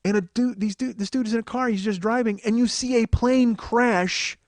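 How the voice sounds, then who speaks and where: Profane rambling comedy podcast host. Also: male voice, extremely high pitch, fairly even intonation, moderate pace, no echo. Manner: profane, self-mocking, rambling.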